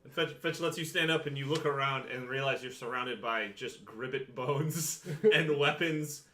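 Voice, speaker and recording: A man's voice: medium pitch, normal speed, sharp tone, roomy sound, a little hiss or hum. A man running a tabletop game as game master, narrating casually and laughing between lines.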